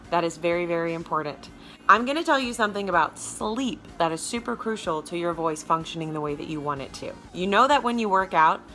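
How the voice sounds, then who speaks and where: A woman vocal coach with a Southern American accent and a low alto speaking voice gives a casual video lesson directly to her viewers. She's chatty and emphatic, with a sharp tone.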